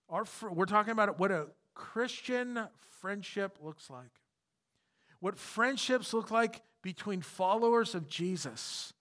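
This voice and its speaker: A man's voice: sits high, sharp tone. A man preaching a sermon as pastor, emphatic and repeating his key points.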